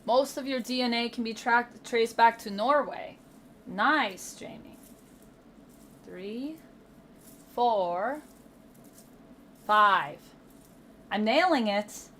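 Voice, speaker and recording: A woman's voice: on the high side, drawn-out words, long pauses, fairly bright tone, slight background noise. A woman streamer chatting casually on a livestream, thinking aloud and asking herself questions as she goes.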